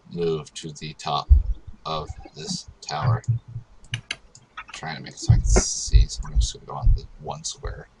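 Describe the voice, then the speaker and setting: A man playing a tabletop game, explaining his moves step by step with frequent pauses. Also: a bass voice, heavy background noise. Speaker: player. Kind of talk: casual game talk.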